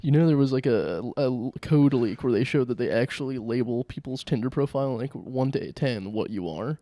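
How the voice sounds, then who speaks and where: A man co-hosting a podcast in loose comedic chat, animated and given to putting on exaggerated voices. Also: medium pitch, brisk, dry recording. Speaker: podcast co-host.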